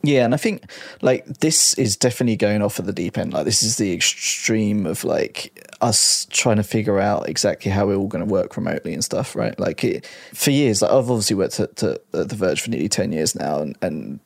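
Man, low voice, gravelly, dry close sound, thoughtful panel chat. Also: animated, a little fast, hardly any pauses, no echo. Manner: thoughtful, loose, repeats words as he thinks. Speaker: podcast panelist, tech reporter. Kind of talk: casual panel discussion.

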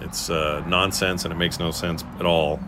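A man's voice: low-pitched, little pitch movement, moderate pace, noisy background. A man in his fifties co-hosting a podcast in casual chat, joking and rambling with puns. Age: 50s. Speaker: podcast co-host.

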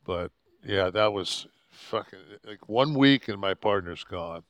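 A man's voice: on the low side, a little slow, no echo. A man in his sixties, a podcast host, telling a rambling, profane road story and acting out the people in it. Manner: profane, rambling, animated quoting of others. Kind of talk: casual storytelling.

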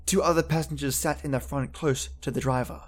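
A man's voice: on the high side, steady tone, a little fast. A man hosting a horror podcast, telling urban legends in theatrical, chatty scripted narration. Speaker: podcast host and storyteller.

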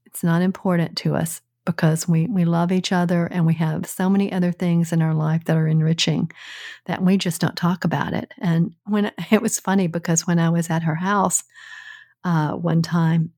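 Calm older woman with a low voice. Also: no room sound, studio quality. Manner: calm, measured, reassuring. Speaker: podcast co-host, the host's mother. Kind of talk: casual conversational podcast.

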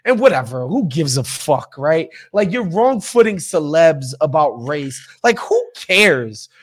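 Man, podcast host, high pitch, emphatic and profane rant. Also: sing-song, a little slow. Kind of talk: casual opinionated chat.

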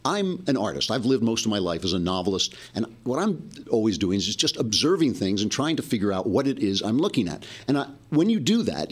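A man hosting a commentary show, thinking aloud in a casual, musing way. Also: lowish voice. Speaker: podcast host.

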